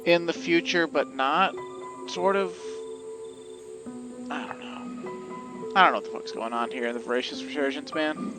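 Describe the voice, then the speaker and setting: A man's voice: on the high side, a little fast. A man casually talking over his gameplay as a let's play host, rambling with lots of fillers and the odd swear. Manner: rambling, profane, filler-heavy. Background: game music.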